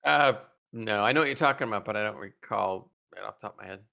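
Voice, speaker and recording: A man's voice: fairly low pitch, quick pace, gravelly, pushed and bright. A man co-hosting a podcast, chatting casually and easygoingly in reply to his co-host. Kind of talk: casual review chat.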